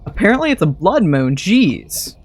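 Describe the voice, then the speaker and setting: A man's voice: high voice, big pitch swings, moderate pace, slightly rough. A man streaming a modded game, chatting casually and thinking aloud to himself as he plays. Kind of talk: casual gameplay commentary.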